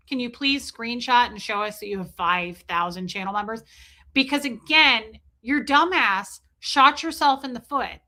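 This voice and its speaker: A sarcastic woman hosting a live stream, chatting bluntly with her viewers. Her voice is bright and forceful and sits a little high. She greets chatters by name and rolls from scorn into chatty asides. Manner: blunt, sarcastic, reads chat names aloud. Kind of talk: casual live-stream commentary.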